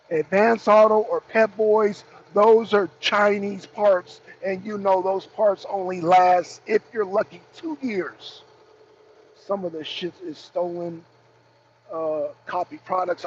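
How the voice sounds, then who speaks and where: A man's voice: sits high, muffled recording, a little hiss or hum. A man hosting a political talk stream, chatting casually and animatedly with viewers, greeting them by name and swearing often. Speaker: political talk show host. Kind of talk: casual live-stream commentary.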